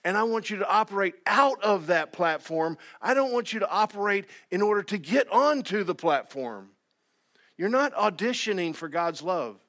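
A man's voice: sits high, lively intonation, moderate pace. Man preaching with earnest emphasis. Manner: earnest, swings from soft asides to loud emphatic exhortation. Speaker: pastor. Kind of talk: sermon. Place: church sanctuary.

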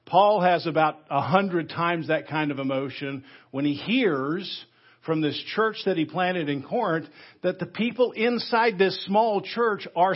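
A man preaching a sermon in a church, his voice high and slightly husky. He talks in an animated way and now and then breaks into loud, outraged bursts as he acts out a quote. The recording sounds muffled. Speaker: pastor. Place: church sanctuary.

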